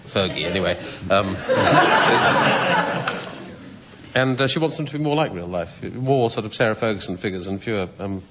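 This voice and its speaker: A man's voice: lowish voice, wildly swooping pitch, a little slow. Chatty man on a comedy panel. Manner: chatty, laughing, breaks into put-on voices. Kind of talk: casual comic banter. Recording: muffled broadcast recording with loud background noise.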